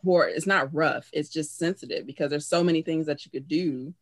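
A woman chatting casually about a film on a podcast, relaxed and full of filler words. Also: low voice, a little fast, no echo. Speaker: podcast panelist.

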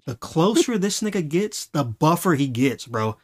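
Animated young man telling a story. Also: on the high side, moderate pace. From Los Angeles. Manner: animated, laughing, acting out quoted voices. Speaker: podcast host. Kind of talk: casual storytelling.

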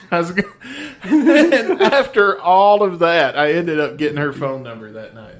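A man's voice: fairly high pitch, expressive, measured pace. A man co-hosting a podcast, telling stories in casual chat, swearing and laughing often while chewing gum. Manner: profane, laughing storyteller. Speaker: podcast co-host.

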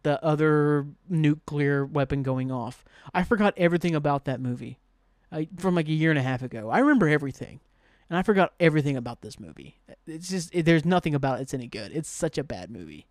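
A man's voice: on the high side, lively intonation, fairly quick, no room sound, clean studio sound. A man hosting a solo podcast, rambling in casual chat with lots of "like" and easy swearing, recorded at his home desk. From Southern Ohio. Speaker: podcast host.

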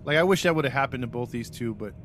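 A man's voice: medium pitch, lively intonation, racing, a bit bright, a little hiss or hum. A man hosting a podcast in casual chat, telling a story with jokes and laughs. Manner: jokey storyteller, laughs often. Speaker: podcast host.

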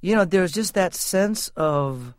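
Earnest middle-aged man, fairly high voice. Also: expressive, unhurried, clear, resonant tone, dry recording, studio quality. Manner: earnest, thoughtful, laughs easily. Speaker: musician guest. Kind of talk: reflective interview talk.

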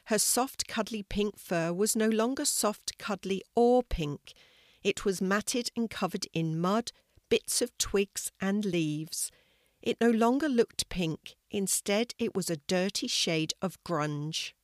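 An older woman reading a children's story aloud in a gentle, measured way. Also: medium pitch, dry recording, clean studio sound.

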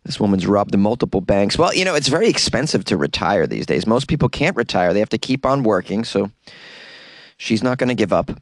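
A man's voice: lowish voice, sing-song, a little fast, dry recording. A man hosting a comedy news podcast, reading and commenting with sarcastic asides and frequent laughter. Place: small closet.

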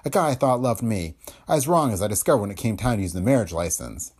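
Man reading as a young actress, evasive, hesitant, stammering, husky, lively pitch. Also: fast talker. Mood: rueful. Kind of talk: audiobook character voice.

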